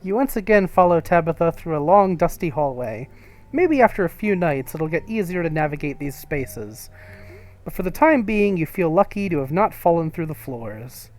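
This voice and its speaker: A man's voice: a little high, lively intonation, normal speed, a little mellow. A man streaming a narrative game live, reading the text and choices aloud in a chatty, amused way. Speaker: streamer playing a story game. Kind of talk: live gameplay commentary and reading.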